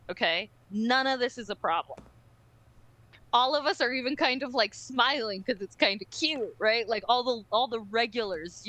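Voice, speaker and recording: A woman co-hosting a podcast, telling a story in a casual, animated and profane way and acting out other people's voices. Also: fairly high pitch, dry recording, low-quality recording. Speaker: podcast co-host.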